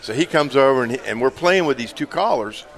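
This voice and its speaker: A man's voice: medium pitch, animated, fairly quick, fairly bright tone. A man, co-hosting a radio show and telling a funny story in casual chat, laughing often. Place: live remote broadcast at a store.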